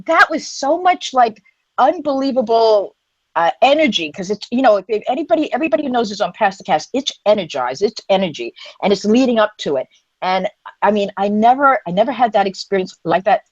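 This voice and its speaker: A woman co-hosting a live online community stream, telling a story in a rambling, animated way with lots of fillers and restarts. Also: a little fast, no echo, dull audio. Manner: animated, acts out quoted voices in a higher pitch. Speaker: co-host of an online women's livestream community. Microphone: phone or webcam on a live stream.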